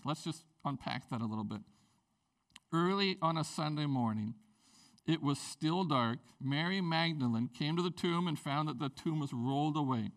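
A man with a high-pitched voice preaching a sermon in a relaxed, conversational way. He tells personal stories, his voice swinging from hushed to loud and rising sharply when he makes his point. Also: normal speed, vocal fry. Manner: conversational storytelling with lively swings in pitch and loudness. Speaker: pastor.

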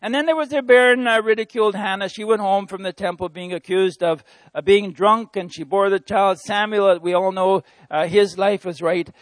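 High-voiced man preaching an earnest sermon. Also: steady tone, moderate pace, no room sound. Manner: earnest, conversational, addresses listeners as friends. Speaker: missionary preacher. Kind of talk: informal sermon.

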